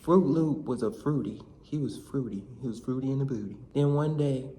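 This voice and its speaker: Young man, vlogger, slangy comic storytelling, middle pitch, light background hiss. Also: moderate pace. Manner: animated, slangy, shouts in quoted lines. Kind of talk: comedic storytelling vlog.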